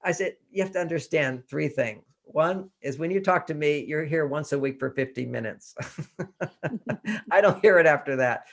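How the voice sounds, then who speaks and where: Older man, gravelly animated storyteller. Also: fairly high pitch, normal speed. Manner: animated storyteller, acts out quotes, laughs often. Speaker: relationship author and guest. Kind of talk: storytelling advice in a live interview.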